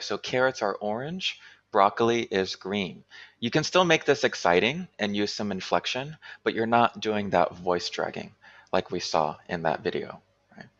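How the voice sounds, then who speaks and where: Brief: man teacher trainer, lowish voice, clear instructional delivery, dull lo-fi sound. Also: a bit bright. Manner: clear instructional talk with frequent "right?". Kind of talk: online teaching workshop.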